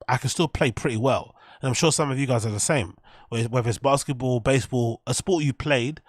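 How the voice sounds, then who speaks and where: A man's voice: medium pitch, no room sound, clean studio sound. Profane, rambling man streaming. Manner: rambling, profane, talks to his viewers. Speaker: streamer host. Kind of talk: casual livestream chat.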